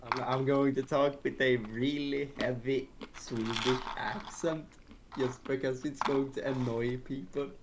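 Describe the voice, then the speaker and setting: A man in a mid-range voice speaks over a voice-call line, giving brief, quiet answers. A clear hiss of line noise runs behind him. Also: medium pitch, fairly even intonation, measured pace. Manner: short, quiet replies. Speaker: streamer's brother on a call. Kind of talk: casual chat.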